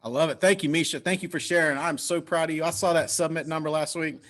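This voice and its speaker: A man hosts a company team call over video, his voice sitting a bit on the higher side. He talks with steady energy, cheering people on and calling out their names. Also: quick pace. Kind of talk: upbeat motivational team call.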